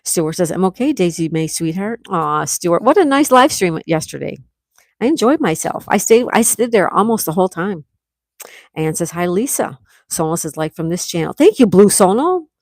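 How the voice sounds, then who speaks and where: A woman's voice: lowish voice, big pitch swings, moderate pace, a little mellow, no echo, clean studio sound. A woman hosting a casual livestream from home, reading out viewer comments and greeting each person by name. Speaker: livestream host reading chat. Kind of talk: casual live chat. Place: indoors at home.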